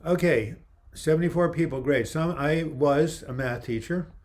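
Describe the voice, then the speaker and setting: Slightly high, a little slow and a little mellow, this man's voice is wearing out as he hosts a casual webcam livestream. He jokes around, answers viewer questions and reads their comments aloud in a chatty way.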